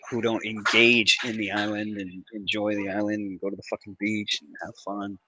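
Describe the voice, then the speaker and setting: A man hosting a live trading stream, talking in casual, profane banter with sudden loud outbursts. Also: on the low side, level tone, normal speed, background noise. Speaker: livestream trading host. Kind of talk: casual livestream chat.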